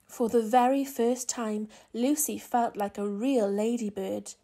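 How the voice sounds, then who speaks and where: A woman reads a children's picture book aloud at a slow, gentle pace, expressive throughout. Her voice sits slightly high, with a mellow tone and a breathy edge. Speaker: children's storyteller.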